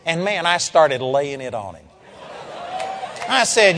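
A man preaching, telling a story in an animated, emphatic way and calling out amen. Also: fairly high pitch, slow pace, big-room sound, a little hiss or hum. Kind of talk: storytelling sermon.

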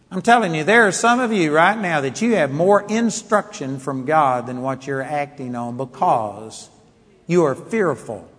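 A man preaching a sermon, telling stories emphatically and swinging from quiet asides to loud declarations. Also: a little high, slightly rough, long reverb tail.

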